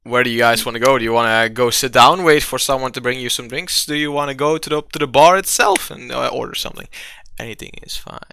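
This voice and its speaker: A man's voice: medium pitch, fast, vocal fry, few pauses, bright, forceful tone, clear, resonant tone, no room sound. A man running a tabletop game as game master, narrating casually in a loose, rambling way with many fillers.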